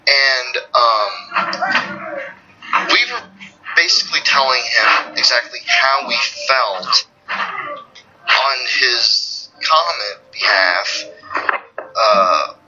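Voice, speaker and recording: Podcast guest, male, very bright sharp voice, halting and rambling, lo-fi call sound. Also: medium pitch, animated, faint music behind. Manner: rambling, halting, many restarts. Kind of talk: casual podcast chat.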